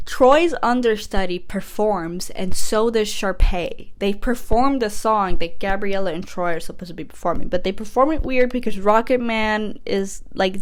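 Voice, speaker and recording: A woman podcast host giving a casual, rambling comedic recap, animated and full of fillers. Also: mid-range voice.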